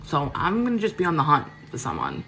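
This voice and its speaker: A woman's voice: low-pitched, wildly swooping pitch, quick pace, vocal fry, fairly bright tone, soft background music. A woman, chatting casually with viewers on a livestream from her home kitchen, frank and full of fillers. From Queens, New York. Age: 30s. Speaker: cooking livestream host. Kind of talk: casual live chat answering viewers.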